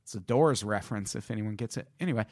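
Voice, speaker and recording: A man's voice: on the low side, fast talker, a little mellow, dry recording, clean studio sound. A man co-hosting a podcast, telling a true-crime case in a casual, profane way and breaking off into jokes. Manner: profane, joking tangents while reading a case. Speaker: podcast co-host.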